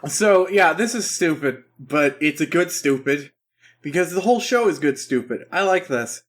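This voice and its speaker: A man with a high voice co-hosts a casual review podcast. He sounds excitable and swears freely. His volume swings between loud bursts and quiet asides. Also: normal speed. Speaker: podcast co-host reviewing an anime. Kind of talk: casual comedic review chat.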